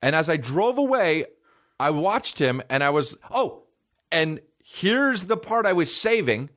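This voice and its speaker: A man hosting a podcast, telling comedic stories in a profane, animated way and acting out the people he quotes. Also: a little high, measured pace. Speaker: podcast host. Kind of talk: comedic storytelling.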